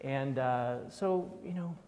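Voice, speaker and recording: A man's voice: medium pitch, takes it slowly, heavy background noise. A middle-aged man giving a humorous lecture as a professor, wry and self-deprecating, acting out quotes. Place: large lecture hall. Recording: long hall reverb.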